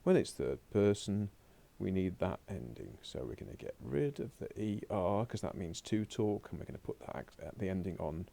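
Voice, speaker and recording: A French teacher with a low, gravelly, dark, and mellow voice records a remote lesson from a laptop at home or a classroom desk. His pitch swings widely, he talks at a normal speed with hardly any pauses, and he chats to himself while working through slides.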